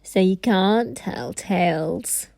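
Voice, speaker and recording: A brutal, menacing robber, put on by a woman reading aloud, growling and sneering. He speaks slowly and heavily. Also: mid-range voice.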